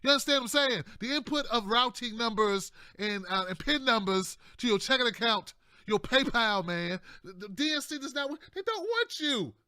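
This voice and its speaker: A male host giving casual political commentary in a loose, joking way. His voice is high and bright, with a pointed edge. The sound is dry and close, with no room echo. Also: animated, a little fast, smooth. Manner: loose and conversational, keeps adding "man" and "y'all", jokey asides.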